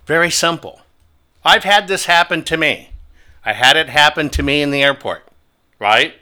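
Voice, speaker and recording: A man hosting a talk show, telling stories in a forceful, taunting manner. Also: a little high, expressive, moderate pace, clear, resonant tone. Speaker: host.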